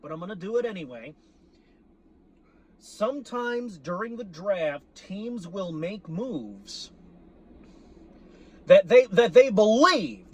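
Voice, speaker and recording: This high-voiced man, a sports fan vlogger, vents about his team over slight background noise. He sounds exasperated and sarcastic, swearing and hammering points home by repeating them.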